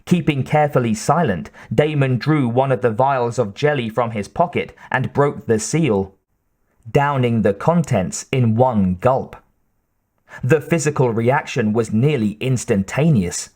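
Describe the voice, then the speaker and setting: A man reading an audiobook in a measured, even scripted narration. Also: mid-range voice.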